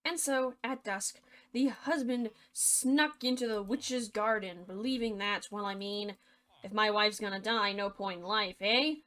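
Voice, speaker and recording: A woman's voice: mid-range voice, fairly even intonation, measured pace, fairly bright tone. A young woman retelling a fairy tale as a comedy, chatty and full of sarcastic asides. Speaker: storyteller.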